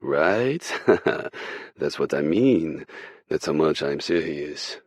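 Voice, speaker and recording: A playful hockey player with a French-Canadian accent and an innocent, joking manner, as a male narrator puts him on. The voice is deep, husky and dry. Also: animated, slow, darkish tone, no room sound, full character voice.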